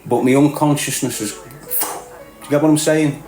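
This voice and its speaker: A man's voice: mid-range voice, fairly even intonation, moderate pace, a little mellow. Mocking Scouse man in a roomy echo. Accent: Scouse (Liverpool). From Liverpool area, England. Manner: mocking, streetwise banter, frequent laughter, calls everyone "lad". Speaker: livestream host. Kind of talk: casual livestream rant. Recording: roomy echo with faint music.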